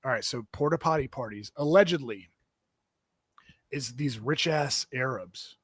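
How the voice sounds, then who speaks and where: A man's voice: medium pitch, expressive, unhurried, slightly rough, no echo, clean studio sound. A man hosting a comedy podcast, rambling through casual banter with plenty of fillers and restarts. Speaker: podcast host.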